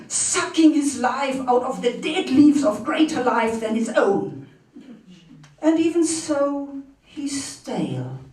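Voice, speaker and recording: A woman in her fifties with a German accent reads a poem to an audience at an unhurried pace, building to loud, dramatic emphasis on key lines. The sound is roomy and distant, as if caught from across a bookshop. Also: fairly high pitch. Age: 50s. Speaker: poetry reader. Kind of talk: poetry reading. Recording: roomy, from far off the mic.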